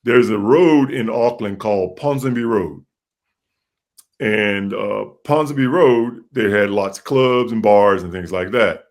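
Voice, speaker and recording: A man with a deep voice and an American accent, a guest telling animated stories in a casual interview. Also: unhurried. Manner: animated storyteller who acts out voices.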